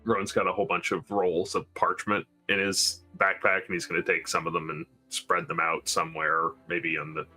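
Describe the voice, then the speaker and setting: Very deep, bright-toned man player. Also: little pitch movement, moderate pace, few pauses, faint music behind. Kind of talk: casual tabletop play.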